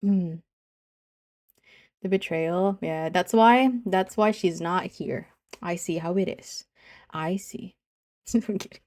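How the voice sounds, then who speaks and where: A woman's voice: lowish voice, takes it slowly, long pauses, darkish tone. A woman streamer chatting casually with her viewers in a teasing, giggly way, often saying she's only kidding.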